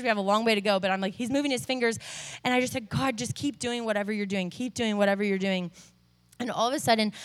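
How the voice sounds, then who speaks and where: A young adult woman giving a sermon testimony, telling a story in an animated way with lots of fillers. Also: fairly high pitch. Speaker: preacher.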